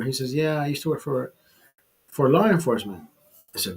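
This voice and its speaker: A man's voice: mid-range voice, expressive, normal speed, soft background music. A man hosting a casual show, telling a long rambling anecdote full of swearing and acted-out quotes. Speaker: host. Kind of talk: casual storytelling chat.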